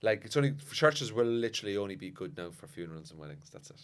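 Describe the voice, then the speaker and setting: Fast-talking low-voiced man. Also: lively intonation, a little hiss or hum. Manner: rambling, sweary anecdotes. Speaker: comedian guest. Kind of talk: casual podcast chat.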